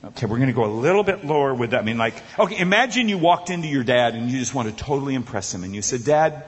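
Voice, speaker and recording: A male preacher telling a funny story in a sermon, animated and acting out the characters. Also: mid-range voice, racing. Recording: echoey large hall.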